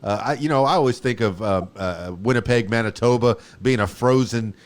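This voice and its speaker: A man's voice: mid-range voice, brisk. A man hosting a podcast interview, talking casually over a video call in a rambling, hesitant way with many fillers. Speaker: podcast host.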